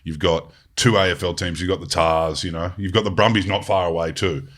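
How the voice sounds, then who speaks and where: A man's voice: low-pitched, steady tone, brisk, fairly bright tone. An Australian man hosting a podcast, rambling and swearing freely in casual chat, with frequent "you know"s. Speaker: podcast host.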